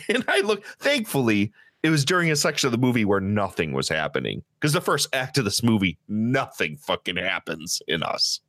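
A man co-hosting a podcast, telling a story in casual, profane chat and acting out the people in it with loud, high-pitched quotes. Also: sing-song, normal speed, no echo, clean studio sound. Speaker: podcast co-host.

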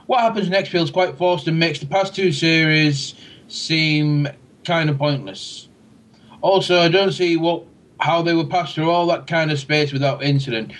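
A man's voice: fairly high pitch, a little slow, a bit bright, low-quality recording. A man hosting a casual podcast, reading listener feedback with dry jokes. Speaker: podcast host.

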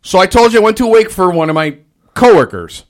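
Male restaurant manager, crude and animated storyteller, swinging pitch. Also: fast. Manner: crude, swears constantly, animated ranting. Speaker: fast-food restaurant manager. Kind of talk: casual profane venting chat.

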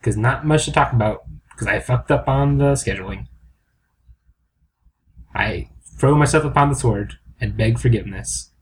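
A man's voice: mid-range voice, moderate pace, a little hiss or hum. A man co-hosting a comedy podcast in casual chat, rambling, crude and self-mocking. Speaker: podcast co-host.

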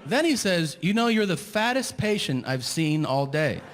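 A man's voice: a little high, very animated, normal speed, a bit bright. A middle-aged man telling a stand-up comedy story, ranting and acting out both sides of the dialogue. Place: large theater stage. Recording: live venue reverb with crowd. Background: audience laughter.

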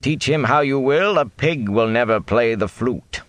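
A man's voice: mid-range voice, a little slow, fairly bright tone, no room sound, pitched above the performer's own voice, natural voice. A man voicing a wry, sardonic old traveling minstrel who speaks in a dry, mocking drawl.

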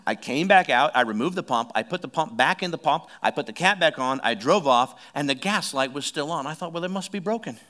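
A man's voice: on the high side, lively intonation, brisk, hardly any pauses, pushed and bright. A middle-aged man preaching a sermon as pastor, conversational and joking, repeating phrases for emphasis.

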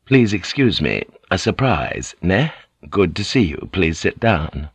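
Fields: man playing blunt adult sailor. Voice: low, dry. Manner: curt, clipped commands. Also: very animated, unhurried, breathy edge, no echo, exaggerated voice. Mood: surprised. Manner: curt, broken-phrase commands.

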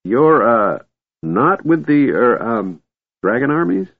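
A man's voice: medium pitch, very animated, slow pace, pitched above the performer's own voice, full character voice. A man voicing a doddering, absent-minded old male wizard who fusses, scolds and stammers. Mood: flustered. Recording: tinny phone-like dry recording.

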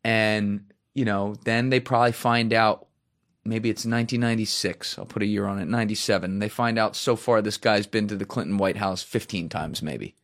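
A man's voice: on the low side, normal speed. A man hosting a podcast, talking casually and swearing freely, acting out quoted voices as he tells a story. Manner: animated, profane storytelling with mimicked voices. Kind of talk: casual chat.

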